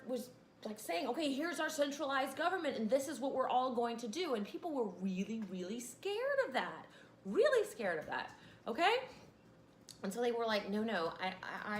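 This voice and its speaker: A woman's voice: on the high side, slight background noise. Chatty woman teacher, echoey room. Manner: chatty, rambling with fillers and asides. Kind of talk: casual classroom lecture.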